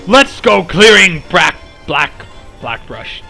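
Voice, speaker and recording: A chatty male game streamer talking to his viewers while he plays, rambling between thoughts and humming little tunes. His voice is bright and a touch high. Faint game music runs underneath. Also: gravelly. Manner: rambling, chatty, hums tunes and laughs often. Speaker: live-streaming game host. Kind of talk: casual game live stream chat.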